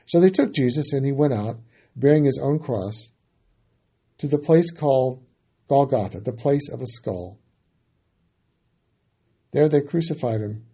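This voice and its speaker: A man giving a dramatic sermon that retells scripture. He gets loud on quoted cries and falls quiet at the ends of lines. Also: mid-range voice, unhurried, vocal fry, pauses often, husky.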